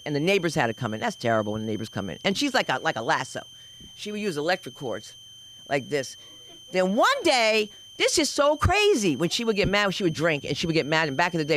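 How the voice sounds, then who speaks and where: A woman comedian tells stories from the stage with a bright, forceful voice. Her pitch leaps and dives all over the place, and she punches the big moments with yelps and shouts. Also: a little hiss or hum, low-quality recording. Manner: animated, swooping delivery with shouted sound effects. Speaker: stand-up comedian. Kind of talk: stand-up comedy storytelling.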